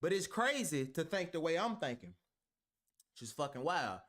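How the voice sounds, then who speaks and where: A man's voice: a little high, sing-song, moderate pace, fairly bright tone. A man reacting to a clip, heated and argumentative, talking with heavy profanity. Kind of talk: ranting reaction commentary.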